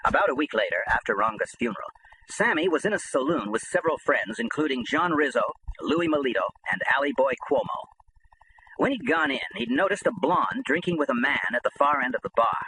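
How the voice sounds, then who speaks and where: A man narrating a first-person memoir as an audiobook, in an animated, tough-talking storytelling manner. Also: mid-range voice, brisk, slight background noise, low-quality recording.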